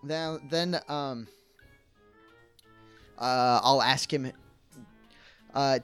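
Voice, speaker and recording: A man's voice: medium pitch, very slow, pauses often, fairly bright tone, smooth, faint music behind. A man taking part as a player in a tabletop game, giving laid-back, brief replies. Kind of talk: casual tabletop play.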